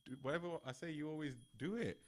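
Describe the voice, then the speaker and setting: A man's voice: fairly high pitch, quick pace, natural voice. Guy doing a simple trusting young disciple, earnest, kinda pleading.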